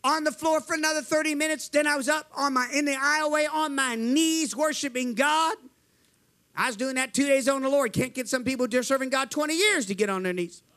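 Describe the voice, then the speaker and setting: A man's voice: very high-pitched, a little fast, sharp tone. A man preaching a fervent sermon, telling his testimony, calling to the crowd and acting out the voices in his story.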